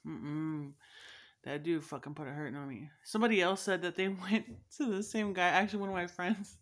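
A woman's voice: on the low side, steady tone, a little fast, fairly bright tone. A young woman telling a story to her viewers in a casual vlog, cursing freely and laughing often. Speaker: vlogger.

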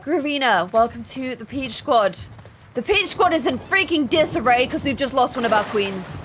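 Young female streamer; excitable, panicky commentary; game noise loud behind. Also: high-pitched, normal speed. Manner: excitable, shifts into loud panic and chatty rambling. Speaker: gaming streamer. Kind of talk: live let's play commentary.

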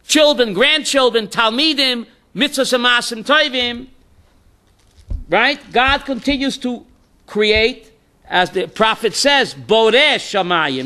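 Animated, high-voiced rabbi teaching a class. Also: male voice. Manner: quizzes students by name, mixes in Hebrew terms; emphatic, rhetorical questions. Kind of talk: Torah class lecture.

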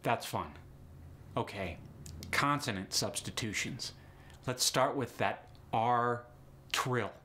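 Cheery guy coaching an accent lesson, bright sharp voice, walks through example words. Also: mid-range voice, slow pace, pauses often. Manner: upbeat, explanatory, models example words.

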